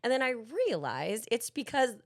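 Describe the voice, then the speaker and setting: Animated storytelling woman. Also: a little high, normal speed, vocal fry. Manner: animated storyteller, acts out quotes, laughs a lot. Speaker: podcast co-host. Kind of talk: casual chat, storytelling.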